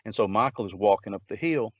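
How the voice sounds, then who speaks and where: A man's voice: lowish voice, expressive, fast, no room sound, dull audio. A man, a Bigfoot researcher, telling a long story in a rambling way, full of restarts and filler words. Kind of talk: casual storytelling.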